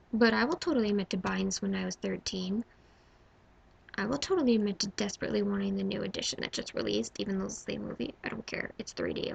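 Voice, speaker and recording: A woman in her twenties vlogging casually about her favorite movies. She gushes, swinging from loud exclaiming to hushed whispers. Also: mid-range voice, creaky, breathy edge, poor audio. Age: 20s. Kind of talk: casual movie-ranking vlog.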